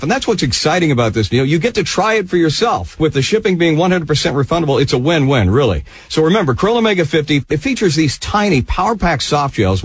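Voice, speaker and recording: A man hosting a radio show, delivering a brisk sales pitch and reading out a number slowly. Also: husky. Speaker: radio host.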